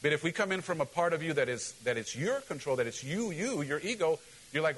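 A male pastor preaching a sermon in an animated, joking way, often asking the congregation questions. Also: a little high, fairly quick, rough recording.

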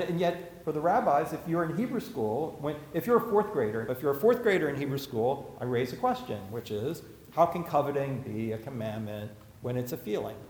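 A man gives a casual, story-filled talk on Jewish law, his voice a touch higher than most. It rings out in a roomy hall with long reverb, faint ambience beneath. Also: darkish tone, a little hiss or hum. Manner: conversational, anecdotal, acts out quotes. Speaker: speaker teaching about Jewish law. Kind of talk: lecture to a live audience.

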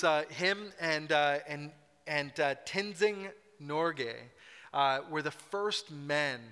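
A man's voice: a little high, sharp tone. A man preaching a sermon as pastor, telling a story in a conversational way and acting out quotes playfully. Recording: reverberant hall.

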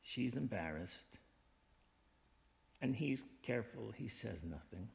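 A man with a deeply gravelly, creaky voice reads a short literary passage aloud and then unpacks it. He talks in a thoughtful, measured, explanatory way. The sound carries a long reverb tail, as if in a big hall. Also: animated, darkish tone. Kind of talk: reading aloud and reflecting on a passage.

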